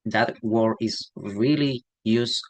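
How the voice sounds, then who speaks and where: Slow, halting young man presenting. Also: fairly low pitch, no room sound, low-quality recording. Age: young adult. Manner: halting, tags sentences with "okay?". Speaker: student presenter. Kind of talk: class presentation.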